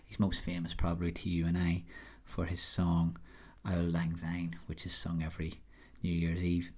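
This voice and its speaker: A man's voice: sits low, normal speed. A man casually introducing a classic poem, then reciting it with an attempted Scots accent. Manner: tries a Scots accent when reading the verse; chatty, relaxed introduction. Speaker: poetry reader.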